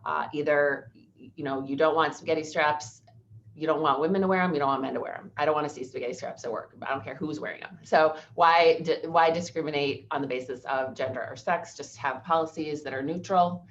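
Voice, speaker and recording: A woman presents an employment law seminar. She speaks in a conversational, storytelling manner with a low voice. The recording is muffled, with faint noise behind her. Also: a little fast.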